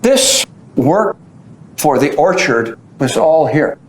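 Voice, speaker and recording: A man giving a storytelling talk, acting out the voices of the people he describes. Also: slow pace. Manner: animated storyteller who acts out quoted voices. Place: at the site being described. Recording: roomy echo with faint low rumble.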